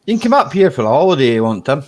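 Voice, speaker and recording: A Scottish man hosting a relaxed online chat, dropping in "aye" and "man" often. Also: fairly high pitch, rapid-fire. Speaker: channel host. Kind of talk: casual chat.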